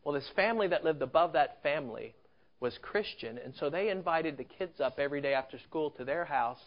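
A man's voice: a little high, lively intonation, fairly quick. A man preaching a sermon as a story, conversational, with rhetorical questions and asides. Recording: dull lo-fi recording.

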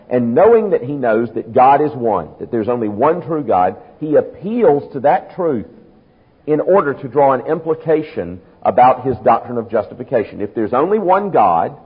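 A man preaching with emphatic conviction, his pitch rising and falling in lively arcs. His voice is slightly husky. The recording is thin and phone-like, with a long hall reverb trailing behind him. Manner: emphatic, reasoning aloud, rhetorical questions. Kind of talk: expository sermon.

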